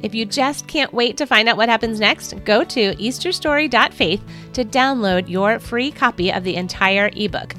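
A woman's voice: fairly high pitch, moderate pace, hardly any pauses, bright, forceful tone, faint music behind. Woman narrating a family devotional. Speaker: podcast host reading a devotional. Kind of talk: scripted storybook narration.

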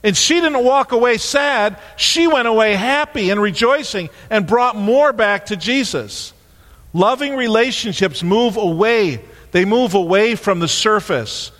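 A man preaching a sermon as a pastor, telling stories with lively acted-out voices. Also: high-pitched, measured pace. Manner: animated storytelling, acting out voices. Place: church sanctuary. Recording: long hall reverb.

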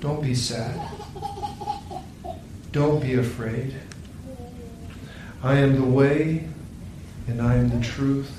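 A man voicing a gentle talking Christ candle, soft and reassuring. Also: medium pitch, fairly even intonation, very slow, pauses often, noisy background. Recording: very echoey room, distant mic.

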